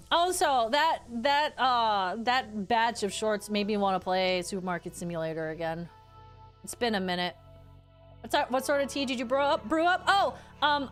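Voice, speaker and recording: A woman's voice: sits high, fairly bright tone. A woman streamer chatting casually with her viewers, chatty and self-mocking, laughing often. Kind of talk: casual chat.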